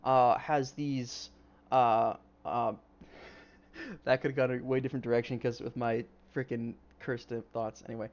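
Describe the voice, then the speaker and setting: A man's voice: medium pitch, level tone, unhurried, muffled recording. Rambling man running a tabletop game. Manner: rambling, casual, many fillers, swears. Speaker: game master.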